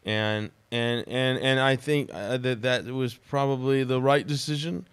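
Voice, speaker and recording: A man who is a podcast guest, telling personal stories in a dramatic, animated way during casual conversation. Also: mid-range voice, unhurried, clean tone, dry recording.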